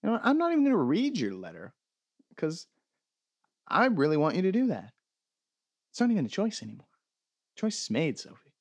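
Profane, sarcastic man with lively pitch. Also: fairly quick, pauses often, no room sound. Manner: sarcastic, profane mock-ranting. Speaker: podcast host. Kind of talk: comedic podcast reading listener emails.

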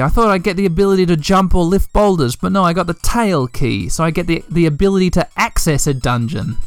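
A gaming podcast host giving playful, animated let's play commentary, full of sound effects. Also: medium pitch, brisk, hardly any pauses, clear, resonant tone, soft background music.

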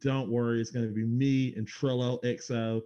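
Rambling casual podcast host. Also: male voice, mid-range voice, flat delivery, moderate pace, warm tone, clean tone, highs cut off. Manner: rambling, loose and laughing, casual swearing. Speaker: podcast co-host doing plugs.

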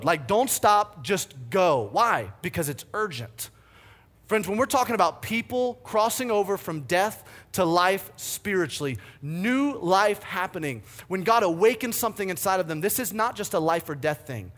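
A man in his thirties preaching a sermon, energetic and fired up, telling stories with big swings in his voice. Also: sits high, normal speed. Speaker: pastor.

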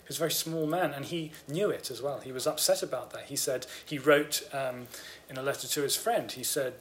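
A man's voice: medium pitch, brisk, slight background noise. A man co-hosting a casual podcast about books, explaining his ideas at length with eager enthusiasm. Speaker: podcast co-host.

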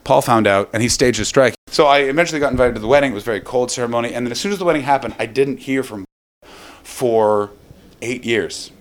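A man's voice: mid-range voice, quick pace. Man doing rambling stand-up. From Canada. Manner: rambling, animated, bursts of acted quotes. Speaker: stand-up comedian. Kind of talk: stand-up storytelling.

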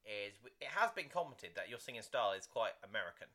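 A man chips in with quick, teasing remarks while co-hosting a casual podcast. His voice is bright and forceful, and his pitch swings widely. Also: big pitch swings. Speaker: podcast co-host. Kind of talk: casual chat.

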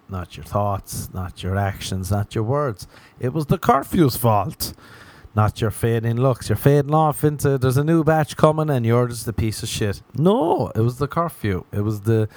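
A man's voice: medium pitch, a little mellow, no echo. A young man delivering a rambling, profane comic monologue, sarcastic and laughing at his own jokes.

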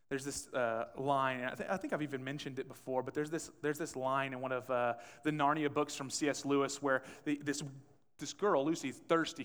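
A man's voice: on the high side, fairly bright tone. A man preaching a conversational sermon as pastor, acting out quotes and asking the room questions. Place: church sanctuary. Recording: long church hall reverb.

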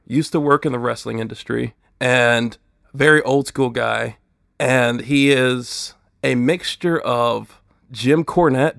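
A man in casual podcast chat, talking quickly, laughing often and breaking into impressions. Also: medium pitch, vocal fry, a bit bright, dry recording, clean studio sound. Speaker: podcast host.

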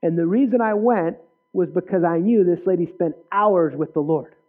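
A male preacher giving an earnest personal testimony in a sermon, with sudden loud bursts. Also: sits high, moderate pace. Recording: tinny phone-like sound.

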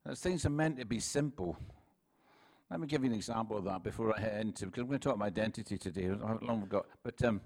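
A Scottish man in his sixties, a pastor preaching a relaxed sermon full of jokes, stories and quick restarts. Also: lowish voice. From Scotland. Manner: chatty, self-deprecating, with frequent laughs and restarts. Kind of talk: sermon with humorous anecdotes.

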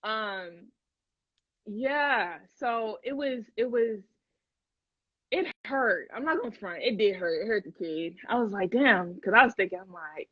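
Young woman, livestream host, casual slangy chat, husky, dry close sound. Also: mid-range voice, unhurried, dry recording, lo-fi sound. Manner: animated, slangy, laughs often.

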